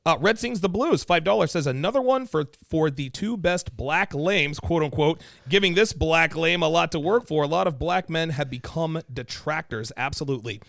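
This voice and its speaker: A man hosting a casual livestream, talking in a lively, up-and-down way. His voice is a touch high and gravelly. The sound is close and dry. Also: moderate pace, few pauses, no echo. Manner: animated, reads viewer super chats aloud. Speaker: livestream host.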